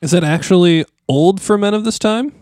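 A man's voice: high-pitched, normal speed, darkish tone, no echo, clean studio sound. A man with a Midwestern accent co-hosting a podcast, telling a story loosely and asking curious questions. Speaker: podcast co-host. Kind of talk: casual chat and retelling.

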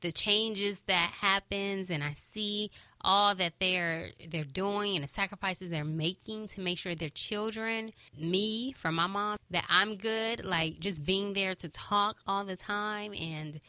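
A woman's voice: mid-range voice, steady tone, slow pace, hardly any pauses, clean tone, no echo. A woman hosting a podcast in casual, heartfelt talk, cheering listeners on with emphatic repetition. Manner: warm, encouraging, emphatic repetition. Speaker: podcast host.

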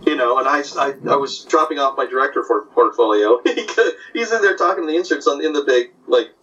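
A man who works as an animation story artist, chatting casually and telling animated anecdotes. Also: medium pitch, brisk. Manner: animated storyteller, slips into character voices. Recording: distant, dull lo-fi audio.

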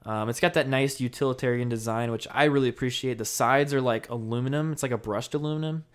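Regular-pitched guy hosting a tech chat, rambly, laughs a lot. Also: fast talker, smooth. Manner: relaxed, rambling, laughs often. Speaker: tech podcast host.

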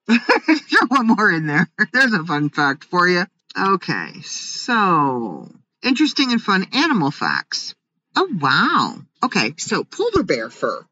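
A woman's voice: mid-range voice, fairly bright tone, slight background noise. Giggly woman reading fun facts. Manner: giggly, reads aloud and jokes about each fact. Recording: dull lo-fi sound.

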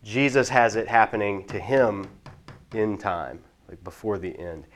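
Low-voiced man explaining scripture. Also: measured pace. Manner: explanatory, with frequent restarts and repeated words. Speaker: Bible teacher. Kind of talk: casual teaching talk.

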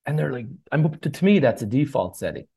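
A man's voice: mid-range voice, very animated, fast talker, creaky, mellow, breathy edge. A middle-aged man from Ireland with an Irish accent, a bartender chatting as a guest and telling stories with acted-out voices. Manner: chatty storyteller, acts out voices in anecdotes. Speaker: guest, bartender and tour organiser. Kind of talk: casual interview chat.

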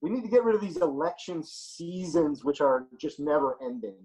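A man's voice: on the high side, expressive, moderate pace, darkish tone, low-quality recording. A man in a casual podcast chat, blunt and opinionated, swearing freely as he argues his points.

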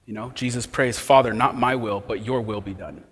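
A man's voice: medium pitch, moderate pace, husky, in a large hall. A man preaching an expository sermon as a pastor, asking rhetorical questions as he explains the text.

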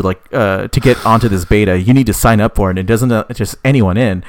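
A man casually telling a made-up story, rambling with many fillers, swearing, and voicing the characters' lines in a higher pitch. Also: brisk, hardly any pauses.

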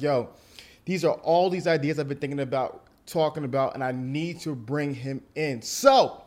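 Emphatic, animated male podcast host. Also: on the high side. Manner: animated, emphatic, repeats words when excited. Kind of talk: casual podcast conversation.

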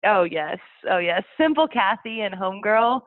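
A woman's voice: medium pitch, lively intonation, normal speed, dry recording. A woman guest telling family stories in a chatty way, laughing often. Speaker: interview guest. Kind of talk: casual storytelling. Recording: phone-like dry sound.

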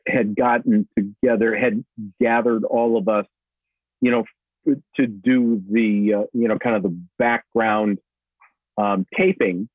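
A man's voice: mid-range voice, dry recording. A man, an actor guest, chatting casually in an interview, rambling with many fillers and restarts. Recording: tinny phone-like line, dry.

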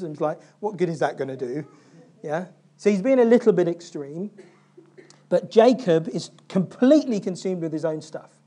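Animated preacher with a mellow voice. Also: male voice, high-pitched, fairly quick. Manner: animated storytelling, acting out biblical figures' lines; asks the congregation questions. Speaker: pastor. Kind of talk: sermon.

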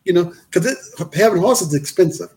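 A man telling his life story in a casual interview, animated and acting out the voices of the people in it. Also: high-pitched, fairly quick. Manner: animated, acts out quoted voices, repeats phrases.

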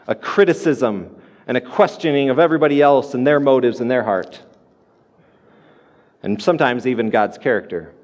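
Earnest male pastor preaching in a reverberant hall. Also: a little high. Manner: earnest, repeats key points, restarts phrases. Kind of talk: sermon.

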